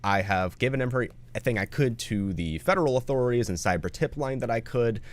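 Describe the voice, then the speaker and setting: A man's voice: medium pitch, lively intonation, a little fast. A man making a commentary video, appealing earnestly to viewers and swearing often. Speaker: video creator.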